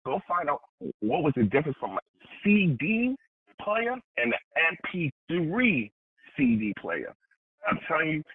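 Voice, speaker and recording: A young adult man, a motivational speaker telling a personal story in a lively, conversational way and acting out the voices in it. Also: on the low side, breathy edge. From New York. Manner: animated, conversational, acts out quoted dialogue. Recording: tinny phone-like sound.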